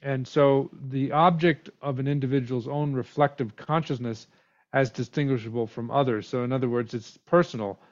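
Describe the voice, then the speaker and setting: A man's voice: medium pitch, fairly even intonation, normal speed, muffled recording. A man teaching a class on spirituality and language in a thoughtful lecture, often repeating and restarting his words.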